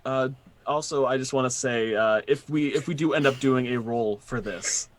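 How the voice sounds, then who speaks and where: A man of middle pitch talks casually as a player at a tabletop game. He stops and restarts his sentences as he works out his plans. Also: no echo. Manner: halting, restarts often.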